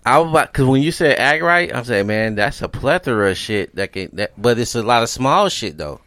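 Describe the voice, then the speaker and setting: A man's voice: mid-range voice, very animated, fairly quick, fairly bright tone, no echo. A man co-hosting a podcast, talking casually in a blunt and profane way. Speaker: podcast co-host.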